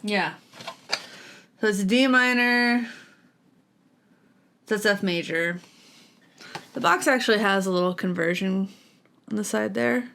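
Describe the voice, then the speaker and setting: A woman's voice: medium pitch, measured pace, gravelly, long pauses, a bit bright, slight background noise. A woman vlogging casually about guitar gear at home, chatty and self-deprecating, with lots of fillers and giggles. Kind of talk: casual chat while practicing.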